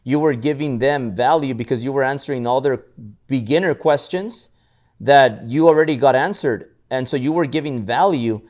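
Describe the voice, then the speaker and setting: Animated man telling business stories. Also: mid-range voice, normal speed. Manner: repetitive restarts, animated storytelling. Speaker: podcast co-host. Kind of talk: casual motivational chat.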